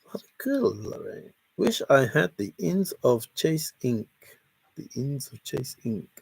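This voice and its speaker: A man's voice: mid-range voice, expressive, slow pace, creaky, no room sound. A man hosting a casual livestream, reading chat and greeting viewers by name in a jokey, chatty way. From half Italian, half Scottish heritage.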